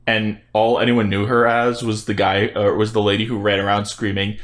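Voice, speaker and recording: A man's voice: on the low side, flat delivery, normal speed, a bit bright. A man co-hosting a casual podcast, blunt and joking, swearing freely. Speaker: podcast co-host.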